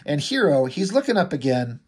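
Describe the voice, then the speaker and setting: A man casually walks through a comic book's story, his voice a little husky and pitched somewhat high. He rambles in a loose, conversational way, summarizing what the characters say as he goes. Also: big pitch swings, a little fast. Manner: laid-back, rambling, paraphrases characters in a loose voice. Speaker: comic book reviewer.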